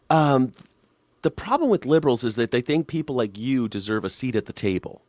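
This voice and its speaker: A man's voice: medium pitch, expressive, brisk. A man hosting a live reaction show, ranting in a profane, sarcastic way.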